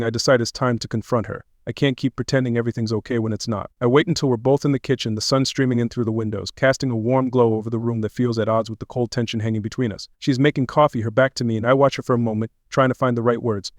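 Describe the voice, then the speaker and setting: A man narrates a first-person dramatic audio story at a brisk clip, tense and earnest throughout. His voice sits at a middling pitch and sounds close and dry, with no room around it. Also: steady tone, dry recording.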